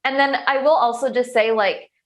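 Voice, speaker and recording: A woman's voice: a little high, steady tone, moderate pace. A young woman coach answering interview questions in a chatty, upbeat way, full of restarts and filler words. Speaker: coach and show host.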